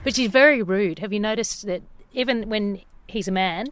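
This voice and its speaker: A woman's voice: mid-range voice, normal speed. Wry woman co-hosting a podcast. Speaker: podcast co-host. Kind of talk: casual chat.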